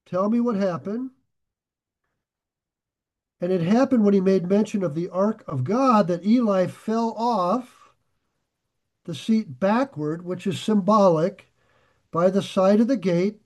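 Reading scripture aloud in a verse-by-verse Bible study, this high-voiced man keeps slipping into chatty side comments. He's quick to get worked up and raise his voice.

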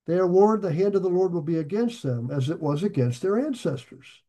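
A man preaching a sermon, talking to his listeners in an easy, conversational way and slowing down to press home key phrases. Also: high-pitched, lively intonation, dark tone. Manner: emphatic, slows and rises to stress key phrases. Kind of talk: sermon on scripture.

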